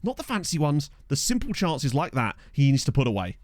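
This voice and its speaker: Brief: young streamer calling his game live, chatty and joking, voice rising and falling a lot, slightly high-pitched, dry close mic. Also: big pitch swings, measured pace, long pauses, dry recording. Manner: chatty, joking, reacting to play. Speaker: gaming streamer. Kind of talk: live football game commentary. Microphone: studio USB microphone.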